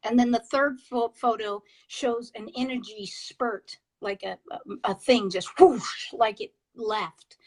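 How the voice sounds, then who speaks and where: Excitable woman telling a ghost story, higher voice. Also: rough recording. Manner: excitable, halting, many restarts and fillers. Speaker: paranormal investigator guest. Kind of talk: casual interview storytelling.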